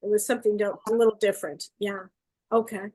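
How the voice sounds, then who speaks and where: A woman giving a psychic gallery reading over a video call, coaxing and relaying messages in quick bursts. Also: mid-range voice, steady tone, warm tone. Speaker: psychic medium. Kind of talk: live online gallery reading.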